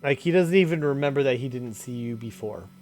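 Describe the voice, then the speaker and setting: A man's voice: mid-range voice, lively intonation, brisk, a little mellow, faint music behind. A man narrating as game master in a tabletop game, casual and full of fillers.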